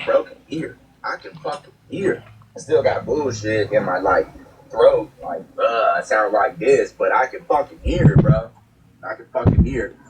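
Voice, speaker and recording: A man with a congested throat chats casually, cursing and circling back to the same lines. His voice sits on the low side. He sounds a little distant from the mic, with faint ambient noise behind him. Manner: profane, repetitive, upbeat. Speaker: streamer. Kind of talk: casual vlog chat.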